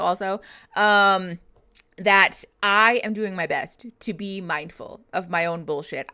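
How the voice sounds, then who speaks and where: A woman's voice: on the low side, a bit bright, clean tone. A woman therapist hosting a casual livestream, chatting with viewers, reading their messages and laughing often. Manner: reads out and answers viewer chat messages. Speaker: therapist streaming reactions to a reality show.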